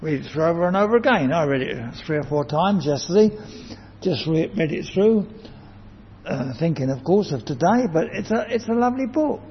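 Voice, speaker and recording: A man's voice: a little high, lively intonation, normal speed, slight background noise. A man preaching a sermon in a church, earnest and emphatic, lifting his voice to stress key words. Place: church building. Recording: dull lo-fi church sound with long reverb.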